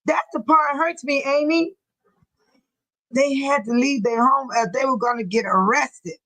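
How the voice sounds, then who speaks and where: Woman doing a casual livestream, aave, reads comments out and says exactly what she thinks, kinda high voice. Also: a little slow, pushed and bright, low-quality recording. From Illinois. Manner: outspoken, reads chat aloud and reacts with blunt opinions. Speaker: livestream host reading viewer comments.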